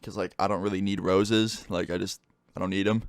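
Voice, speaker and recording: A man's voice: low voice, little pitch movement, brisk, no room sound, studio quality. A young man casually telling a storytime tale to his viewers, swearing a lot and filling his talk with "like.". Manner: swears freely, full of "like" fillers. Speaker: YouTube storyteller.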